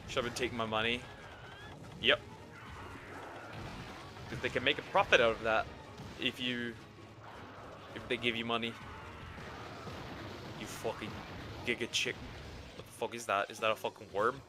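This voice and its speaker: A young man streaming a game, chatting casually, cursing and yelling in bursts at the monster he fights. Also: mid-range voice, normal speed, long pauses, noisy background. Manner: excitable, swears, yells at the game. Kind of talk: casual gaming commentary.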